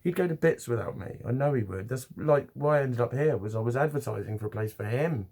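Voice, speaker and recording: A man's voice: mid-range voice, expressive, quick pace, gravelly, darkish tone. A man talking to camera in a rambling, casual vlog, swearing often and restarting his sentences. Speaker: vlogger.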